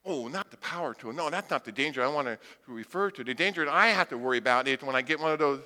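A man's voice: mid-range voice, fast talker, in a large hall. A blind man preaching a sermon, telling humorous stories and acting out voices. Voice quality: blind speaker. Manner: humorous, animated storytelling with acted-out voices. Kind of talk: sermon with storytelling.

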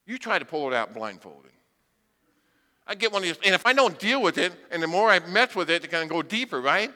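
A man's voice: high voice, a little fast, big-room sound. A blind man preaching a sermon, telling humorous stories and acting out voices. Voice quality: blind speaker. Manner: humorous, animated storytelling with acted-out voices. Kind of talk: sermon with storytelling.

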